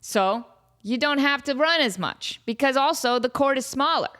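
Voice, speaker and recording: With a high, animated, slightly bright voice at normal speed, a podcast host in her thirties chats casually and jokes her way through fan questions, full of fillers and asides. She records at home near Las Vegas.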